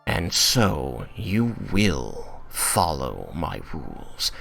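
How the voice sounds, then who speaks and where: A man voicing a suave male archdevil who speaks smoothly, calmly and courteously. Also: extremely low pitch, drawn-out words, soft background music, voice pushed down, exaggerated voice. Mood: calm authority.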